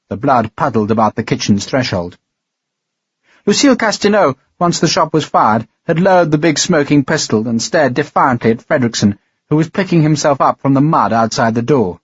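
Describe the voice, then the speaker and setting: Husky-voiced man narrating an audiobook. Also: medium pitch, no echo, dull audio. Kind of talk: scripted narration.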